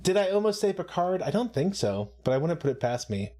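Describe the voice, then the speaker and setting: A man with a fairly high voice gives casual live commentary on an episode. He chats with a playful tone, laughs often and throws in jokes between his observations. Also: sing-song, fairly quick, mellow. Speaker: co-host of a show watch-along.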